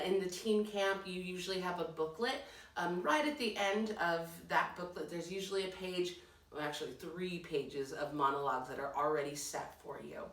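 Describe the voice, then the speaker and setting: A woman's voice: lowish voice, fairly bright tone, far from the mic. A woman drama teacher giving an upbeat, encouraging online lesson from her apartment, talking through step-by-step instructions. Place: home apartment. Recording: roomy echo, mic set back from the speaker.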